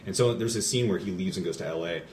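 A man hosting a podcast, talking in casual chat with halting, rambling storytelling and many restarts. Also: sits low, darkish tone, reverberant, far from the mic, a little hiss or hum. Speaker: podcast host.

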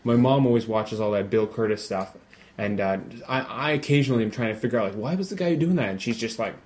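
A man chatting casually about films, making thoughtful, measured points. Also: lowish voice, a little mellow. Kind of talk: casual movie discussion.

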